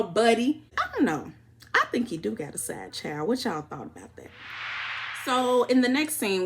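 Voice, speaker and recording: A woman from Chicago giving a casual, animated reality-show recap, acting out what people said. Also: fairly low pitch. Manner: animated retelling, acting out quotes with laughs.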